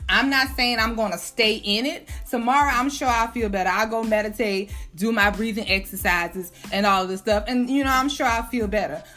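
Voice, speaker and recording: A woman's voice: fairly high pitch, moderate pace, few pauses, sharp tone, soft background music. A woman hosting a casual podcast monologue, venting bluntly with profanity and slang. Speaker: podcast host.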